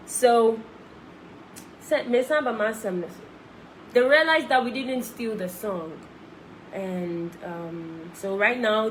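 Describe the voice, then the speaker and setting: A young woman with a Ghanaian accent talks straight into her phone on a live stream. She chats effusively and moves back and forth between English and Twi. Her voice sits at an ordinary middle pitch, with a faint hum of noise behind it. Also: rough recording. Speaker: singer on a live video. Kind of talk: casual live-stream chat.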